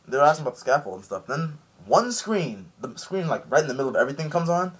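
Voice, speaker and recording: A man reviewing an anime episode in a casual recap, animated and rambling with many fillers. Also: a little high, fast talker, hardly any pauses, slightly rough.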